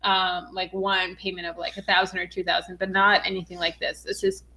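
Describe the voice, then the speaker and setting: A young adult woman from Western Massachusetts, a finance vlogger excitedly reading viewer comments on a casual live stream, with lots of "um"s. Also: on the low side, a little fast. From Western Massachusetts, USA. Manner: bubbly and excited, frequent "um"s.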